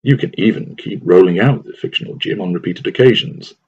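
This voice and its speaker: A man reading a scripted advice text aloud in a measured, deliberate way. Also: sits low, a little mellow, breathy edge. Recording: dull lo-fi recording.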